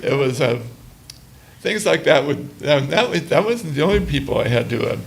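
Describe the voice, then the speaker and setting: A man's voice: a little high, expressive, normal speed, gravelly. An older man on a panel, a former music booker, telling stories about bands with laughs and acted-out dialogue. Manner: laughing, acts out quoted dialogue. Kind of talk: casual storytelling on a panel. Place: museum talk before a small audience.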